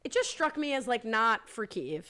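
She's a podcast host keeping things chatty, guiding the conversation and reading listener questions aloud. Her slightly high voice is very animated, bright and forceful, at a normal speed.

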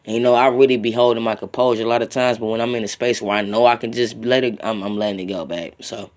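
A young man riffs alone on his podcast, swearing freely and drifting from one thought to the next. He speaks at a middling pitch and addresses his listeners directly, tacking on casual tags like bro and my friend. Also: steady tone, fast talker. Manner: profane, loose and rambling, talks straight at listeners. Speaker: podcast host. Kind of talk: casual solo podcast rant.

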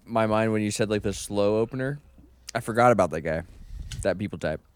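A man who makes knives under his own brand, telling stories in casual chat, animated and quick to swear. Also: fairly low pitch, clear, resonant tone. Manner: animated storyteller, swears freely.

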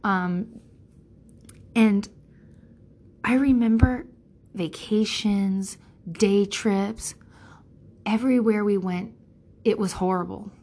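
A woman in her thirties talks straight to her listeners in a loose, rambling monologue, swearing casually as she goes. Her voice sits in a middle pitch and leaps upward whenever she mimics someone else. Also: slow, pauses often. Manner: rambling, frank, swears freely; animated, jumps in pitch when quoting people. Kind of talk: candid personal monologue.

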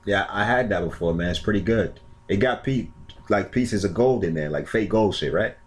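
A young man co-hosting a podcast in casual chat, laid-back and quick with short affirmations. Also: on the low side. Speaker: podcast co-host.

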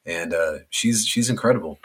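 Male co-host, low husky voice with a bright edge, wry storyteller. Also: moderate pace. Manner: wry storytelling, teasing jabs. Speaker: podcast co-host. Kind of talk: casual chat.

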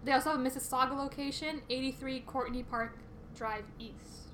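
A young woman co-hosting a relaxed podcast while eating, chatty and quick to giggle, with plenty of ums. Her voice is bright and forward and sits a touch high. A faint hiss of background noise runs under the studio sound. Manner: chatty, giggly, filler-heavy. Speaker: podcast co-host. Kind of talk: casual chat over a meal.

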